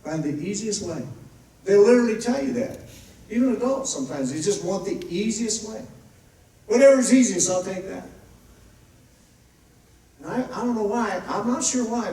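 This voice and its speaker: A man's voice: high voice, mellow. A man preaching a sermon as pastor, emphatic and repetitive, building to fervent passages. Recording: roomy echo, distant mic.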